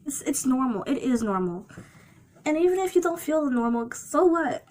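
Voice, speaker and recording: A woman's voice: high-pitched, very animated, normal speed, darkish tone, slight background noise. Tearful, reassuring woman in her twenties. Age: 20s. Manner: tender, repetitive reassurance, close to tears. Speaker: reaction video host. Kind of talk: emotional reaction commentary.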